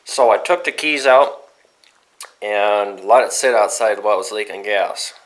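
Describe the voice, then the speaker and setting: A young man vlogging casually, telling a rambling, profane story about his day with excitable outbursts. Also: lowish voice, normal speed, low-quality recording.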